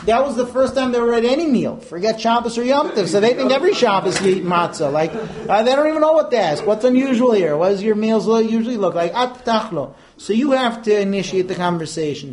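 A man with a high voice leads an informal class. He is animated, tells stories and drops in quick asides and Hebrew terms. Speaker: teacher.

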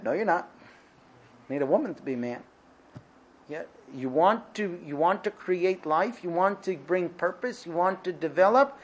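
A man's voice: sits high, lively intonation, moderate pace. A man teaching a class on marriage, lecturing emphatically and asking rhetorical questions.

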